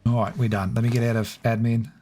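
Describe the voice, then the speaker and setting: A man's voice: medium pitch, flat delivery, quick pace, warm tone, a little hiss or hum. A man chatting casually while streaming a game, greeting viewers by name and laughing often. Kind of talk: casual livestream chat.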